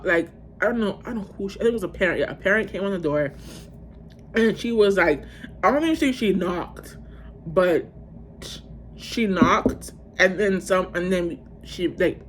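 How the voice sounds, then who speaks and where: A vlogger in her twenties tells her viewers a storytime tale, rambling casually with plenty of profanity and bursting into loud outbursts. Her voice is mid-range, and there is slight background noise.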